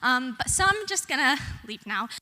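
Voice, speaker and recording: A young woman student telling a personal story on stage, tearful and nervous, talking quickly and chattily. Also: sits high, very animated, big-room sound, heavy background noise. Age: young adult. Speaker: student speaker. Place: concert hall stage.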